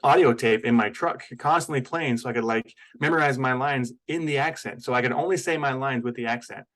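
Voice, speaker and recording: A man co-hosting a podcast, talking about movies in a relaxed, conversational way. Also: medium pitch, brisk, rough recording. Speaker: podcast co-host. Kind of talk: casual film chat.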